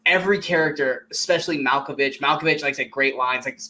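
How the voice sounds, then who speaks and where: A man's voice: mid-range voice, quick pace, sharp tone. A man co-hosting a casual movie podcast, talking enthusiastically, laughing often and quoting film lines. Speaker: podcast co-host.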